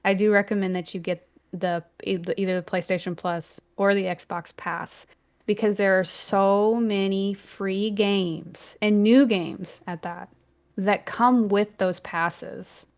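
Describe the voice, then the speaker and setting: A woman in her thirties co-hosts a relaxed podcast, talking at a medium pitch. She rambles warmly with lots of "um"s and gets animated when she quotes her family. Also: takes it slowly. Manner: chatty, animated when quoting family, many "um"s. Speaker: podcast co-host. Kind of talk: casual chat.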